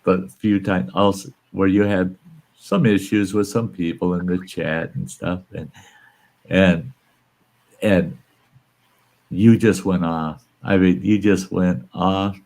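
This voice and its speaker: Slow-talking man in his sixties. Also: low voice, level tone, creaky, a little mellow. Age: 60s. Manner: emphatic, rises in exclamations. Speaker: host. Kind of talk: casual live-stream chat.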